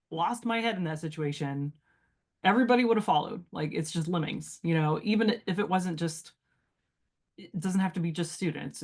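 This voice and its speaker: A woman's voice: low voice, darkish tone. Teacher type, a woman thinking aloud on a podcast, loose and rambling, heavy on filler words. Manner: reflective, rambling with many fillers. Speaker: guest. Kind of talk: casual podcast chat.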